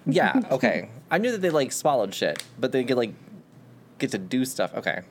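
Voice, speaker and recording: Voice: mid-range voice, very animated, moderate pace, slight background noise. Rambling, musing podcast co-host. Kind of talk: casual chat.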